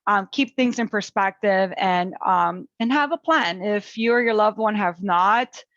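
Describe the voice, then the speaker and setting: A woman's voice: medium pitch, a little slow, fairly bright tone, no room sound, dull audio. A woman presenting an online webinar on parenting and resilience, talking in an encouraging, chatty way with many fillers.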